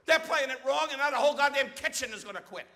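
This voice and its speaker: A high-pitched man doing brash insult crowd work from a casino showroom stage. He barks abrasive jabs at the audience. The old live recording carries plenty of room noise. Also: lively intonation, quick pace, sharp tone. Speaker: stand-up comedian. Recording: archival live show recording with noisy room.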